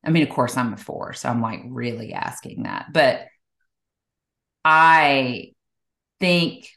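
A woman's voice: extremely low pitch, lively intonation, slow, gravelly, a bit bright, roomy sound. A woman co-hosting a casual chat, musing aloud and rambling with many restarts. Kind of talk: casual conversational chat, sometimes reading aloud.

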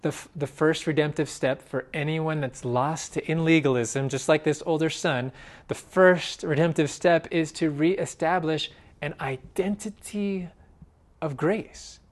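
A man preaching a sermon in an earnest way, swinging from loud emphasis to hushed, quiet phrases. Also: fairly high pitch, a little slow. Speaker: pastor.

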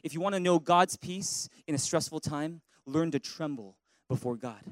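A male pastor delivering a lively, playful sermon, telling stories and leading his congregation in call-and-response. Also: a little high, normal speed, dry recording, rough recording. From Canada. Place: church sanctuary.

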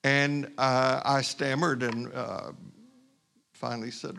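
A male pastor from Houston, Texas telling a personal story in a sermon, conversational and halting with asides. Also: medium pitch, level tone, vocal fry, pushed and bright.

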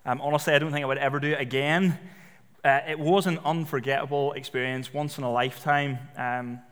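A man preaching a sermon in a relaxed, conversational storytelling way, with frequent fillers. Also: medium pitch, fairly quick, clean tone. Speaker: pastor. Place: church. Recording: long reverb of a church hall.

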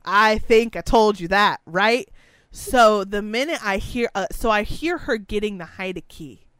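A young woman tells a story in loose, casual chat, blunt and full of swearing. Her voice is smooth and clear. It sits dry and close to the mic. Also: medium pitch, a little slow, no echo. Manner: profane, blunt, animated.

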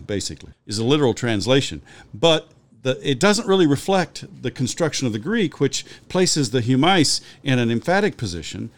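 A man's voice: medium pitch, big pitch swings, moderate pace. A man discussing a Bible passage in a conversational podcast, explaining in a scholarly way and citing chapter and verse, with frequent restarts.

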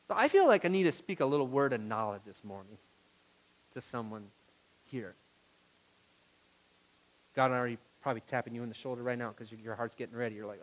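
A male pastor preaching a sermon to his congregation, moving from quiet, intimate words to loud pleading and asking the room questions. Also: medium pitch, expressive, a little fast, long pauses, poor audio.

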